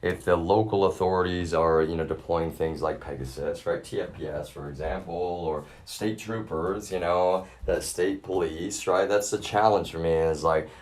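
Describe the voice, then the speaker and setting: A man's voice: sits low, moderate pace, hardly any pauses. A man livestreaming a profane, rambling rant, talking to his chat as "y'all" in an agitated way. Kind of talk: ranting live stream monologue.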